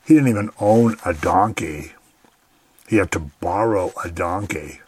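A man with a very low, husky voice teaches scripture on a radio program. He talks in an earnest, conversational way and often says "you know". His voice is recorded close and dry. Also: unhurried, no room sound.

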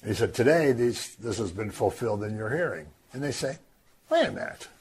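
A man teaching from the Bible in a lively, conversational way, acting out the crowd's voices. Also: fairly low pitch, a little fast, slightly rough. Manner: animated, acts out voices of the crowd. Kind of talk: scripture teaching.

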